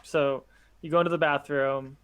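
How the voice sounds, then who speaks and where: A man's voice: a little high, steady tone, moderate pace, clean tone. A young man narrating as game master in casual talk, full of filler words.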